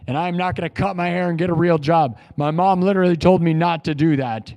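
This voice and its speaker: Through lo-fi sound, a young man's slightly high, slightly mellow voice comes a little fast. He's a streamer and improv musician grieving live, rambling emotionally, repeating phrases and dropping "dude" and "bro" in casual talk.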